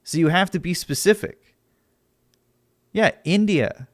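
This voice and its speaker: A man's voice: high voice, a little slow, no echo, studio quality. Sarcastic young man arguing with chat. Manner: sarcastic, argumentative, laughs often. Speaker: streamer. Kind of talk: casual livestream chat.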